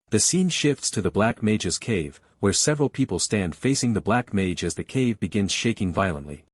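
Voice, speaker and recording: A man with a fairly low voice narrates a fantasy comic recap in a steady, even storytelling delivery. The recording is close and dry, with no room sound. He keeps a scripted, measured read throughout. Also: no room sound.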